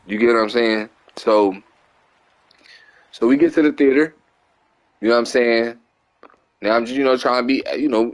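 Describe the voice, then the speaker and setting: A young man with a Philadelphia accent, casually telling a long profane story while gaming, rambling and animated, often asking "you get what I'm saying". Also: medium pitch, normal speed, pauses often. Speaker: gaming channel host. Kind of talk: casual storytelling over gameplay.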